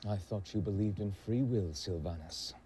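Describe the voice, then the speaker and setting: A man's voice: on the low side, normal speed, background noise, natural voice. A man doing an earnest young king. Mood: pleading.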